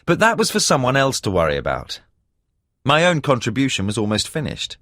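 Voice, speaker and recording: A man reading a thriller audiobook in the first person, telling the story at a measured pace with expressive emphasis. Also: mid-range voice, no echo, studio quality. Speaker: audiobook narrator. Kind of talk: scripted first-person narration.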